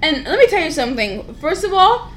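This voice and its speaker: Quick, chatty young woman with a high voice. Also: big pitch swings, a crowd in the background. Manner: quick, chatty, laughing retellings. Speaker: podcast co-host. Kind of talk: casual chat.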